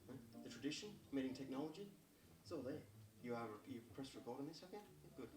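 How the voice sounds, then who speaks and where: A man's voice: mid-range voice, lively intonation, quick pace, lightly acted. A man with an Australian accent playing a brash, pushy travelling jersey salesman in a comedic ad, with cocky, relentless sales patter. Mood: boastful. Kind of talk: comedic ad mockumentary. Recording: roomy, distant-mic video audio.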